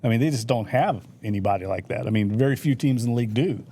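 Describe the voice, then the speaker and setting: A man's voice: mid-range voice, quick pace, mellow, breathy edge. A man who is a sports columnist, talking loosely with lots of fillers in a casual podcast chat. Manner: loose, filler-heavy talk.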